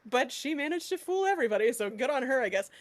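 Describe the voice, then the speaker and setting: A woman's voice: sits high, very animated, fast talker, dry recording. A woman co-hosting a podcast in casual chat, telling stories animatedly and laughing often. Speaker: podcast co-host.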